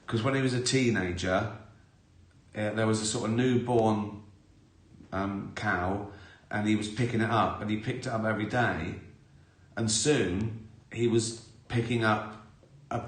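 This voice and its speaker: Male host, low voice, loose rambling anecdotes, self-mocking, echoey room. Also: unhurried. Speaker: live stream host. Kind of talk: casual anecdotal chat. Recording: roomy echo.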